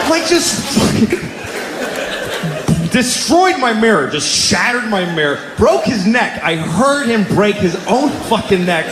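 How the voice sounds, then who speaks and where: Middle-aged male stand-up comic, lively swooping delivery, profane rants, live theater with a roaring crowd. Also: very high-pitched, moderate pace, background noise. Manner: ranting, profane, mock-outraged with sudden yells. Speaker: stand-up comedian. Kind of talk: stand-up comedy set. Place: large theater stage before a laughing audience. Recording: roomy live venue with loud crowd.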